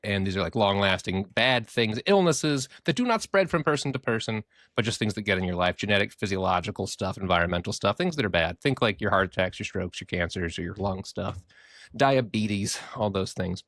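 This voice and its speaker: A man's voice: fairly low pitch, a little fast, a bit bright, no room sound, clean studio sound. A man co-hosting a podcast in casual chat, talking in a playful, jokey way. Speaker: podcast co-host.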